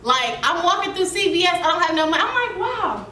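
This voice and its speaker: A woman telling her life story to a seminar audience, animated and laughing through it. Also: very high-pitched, fast, a little hiss or hum. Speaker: seminar speaker. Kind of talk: storytelling talk to a youth audience. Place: seminar room. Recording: echoey room, mic from a distance.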